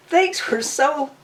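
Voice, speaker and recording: A woman's voice: high-pitched, distant mic. An older woman, a bluegrass musician telling stories in an enthusiastic, chatty way during a home interview. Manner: enthusiastic, chatty, fond storytelling. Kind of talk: casual storytelling interview. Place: her home.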